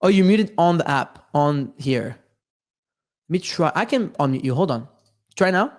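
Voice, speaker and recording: A man's voice: fairly high pitch, lively intonation, moderate pace. A man hosting a casual livestream, talking in a loose, slangy way with lots of fillers. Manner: loose, slangy, restless talk with many fillers. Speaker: host.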